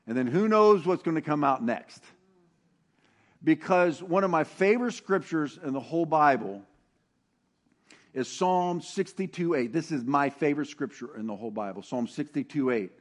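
Animated middle-aged male pastor. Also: a little high. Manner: animated, swings from loud to hushed. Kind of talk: sermon.

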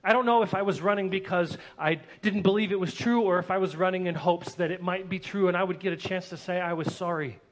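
A man narrating a dramatic first-person story in an earnest, emotional way, swelling with excitement at tense moments. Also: high-pitched, quick pace, few pauses.

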